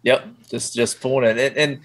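Animated man telling stories as a guest. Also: mid-range voice, moderate pace. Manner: animated storyteller, acts out his own inner voice. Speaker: podcast guest, men's group leader. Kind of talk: casual interview chat.

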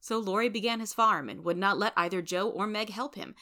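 A woman narrating a storybook in a steady, clear reading voice. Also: medium pitch, brisk. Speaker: reader.

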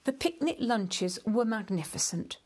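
A woman reading a children's storybook aloud in a gentle, measured and expressive way. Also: on the high side, slightly rough, faint music behind.

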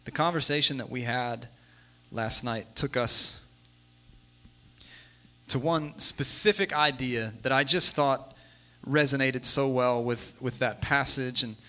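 Bright-voiced man in his thirties preaching. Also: mid-range voice, slow, long pauses. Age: 30s. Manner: conversational, shifting from hushed to emphatic. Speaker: pastor. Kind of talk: sermon.

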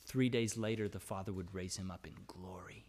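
In a darkish voice with fairly even intonation and a slightly quick pace, a male pastor delivers a sermon. Reading the psalms aloud, he lifts his pitch and volume to cry out their anguish, then returns to a conversational tone with frequent "right?" check-ins.

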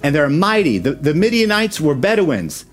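A man preaching a sermon, lively and acting out the Bible story as he tells it. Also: fairly high pitch, normal speed. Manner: animated preaching that acts out the scripture. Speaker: pastor.

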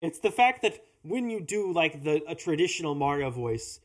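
A podcast co-host in casual chat, opinionated, with quick asides. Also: mid-range voice, very animated.

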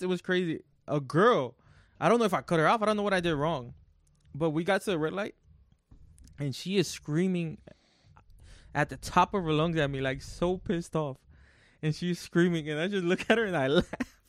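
A man's voice: fairly high pitch, normal speed, no room sound, studio quality. A man co-hosting a podcast, telling stories in a rambling, self-correcting way. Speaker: podcast co-host. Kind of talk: casual chat.

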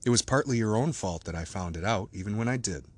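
A man voicing a frank, plain-spoken gentleman in a storybook reading, with a wry turn. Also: lowish voice, animated, fast.

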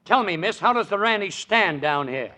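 A man trading gravelly, punning comedy patter as host of a 1940s radio comedy. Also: high voice, expressive, moderate pace, bright, forceful tone. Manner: gravelly clowning patter with puns and laughs. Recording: old broadcast with music and live audience.

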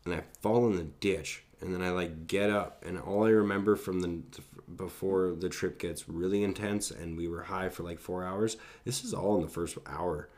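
A man's voice: low-pitched, fairly even intonation, moderate pace, few pauses, a little mellow. A young man telling a casual, profanity-laced anecdote in a rambling way.

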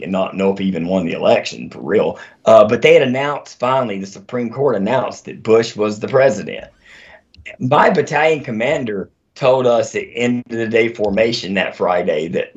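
A man who is an army veteran, telling stories as a guest in a casual conversation, animated and profane, on a dull lo-fi recording. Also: medium pitch.

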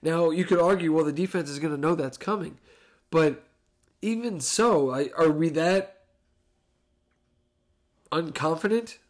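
A man, a father with young kids, giving a rambling, animated solo commentary on a football game and correcting himself as he goes. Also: fairly high pitch, measured pace, long pauses. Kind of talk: casual solo sports commentary.

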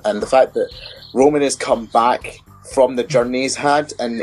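An opinionated man co-hosting a casual podcast, dropping wry jabs as he talks. His voice sits at a middle pitch, with faint music underneath. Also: a little mellow, husky, rough recording. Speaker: podcast co-host. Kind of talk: casual wrestling chat.

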